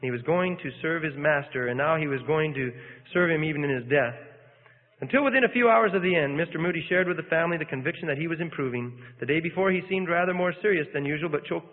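A man preaching a sermon, reading an account aloud with fervent, rising and falling emphasis. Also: fairly high pitch. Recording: phone-like sound in a reverberant hall.

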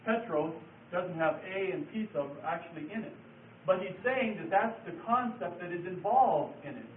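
A man's voice: high-pitched, expressive, normal speed. Patient man lecturing in an echoey room. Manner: patient, explanatory, repeats key words. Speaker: Bible study teacher. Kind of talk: classroom lecture with board writing. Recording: echoey room from far off, phone-like lo-fi sound, faint hiss.

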